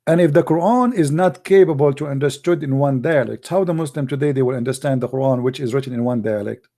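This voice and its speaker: Hosting a live apologetics debate show, this Middle Eastern man speaks with an Arabic accent, Arabic being his native language. His tone is mocking, emphatic and forceful, delivered fast at a medium pitch.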